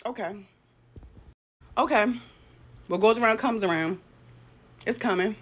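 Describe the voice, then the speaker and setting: A woman giving a profane, heated ranting monologue, swinging between loud outbursts and low muttering. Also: a little slow. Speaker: social media commentator.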